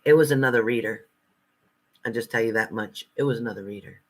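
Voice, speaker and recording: A man hosts a live stream as a spiritual reader and talks straight back to the people in his chat. He is blunt and confrontational, flaring into loud outbursts and then dropping to low, muttered asides. His voice sits at an everyday middle pitch. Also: quick pace. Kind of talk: casual live-stream chat, reading out viewer comments.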